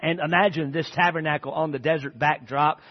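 A man preaching a sermon, his voice sitting a little high for a man. He keeps asking the congregation questions and then answers them himself. The recording is dull and lo-fi. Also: steady tone, fairly quick. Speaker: pastor. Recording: dull lo-fi audio.

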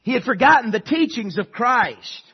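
A man preaching a sermon as pastor, animated, with sudden loud bursts. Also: extremely high pitch, normal speed, breathy edge. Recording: dull lo-fi sound.

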